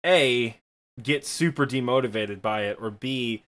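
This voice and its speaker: With a fairly bright tone, medium pitch and measured pace, this male podcast co-host talks in a thick Michigan accent typical of the Midwestern United States. The conversation is loose and rambling, peppered with fillers and self-deprecating remarks.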